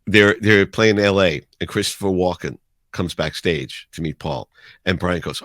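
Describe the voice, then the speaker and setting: A man in his sixties, a radio DJ as a guest, telling animated anecdotes in casual conversation. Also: low-pitched, normal speed, no room sound, clean studio sound. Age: 60s. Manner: animated anecdotes with acted-out quotes. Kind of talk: casual storytelling.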